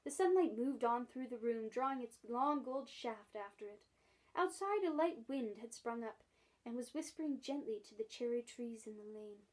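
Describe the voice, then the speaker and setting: A librarian reading a children's book aloud, with expressive, lively storytelling. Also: female voice, a little high, moderate pace.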